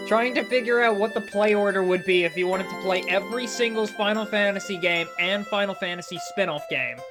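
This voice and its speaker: A young Australian woman streams a game with casual, chatty commentary. She swears freely and drops self-mocking asides in a middle-pitched voice. Faint game music sits underneath. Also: moderate pace.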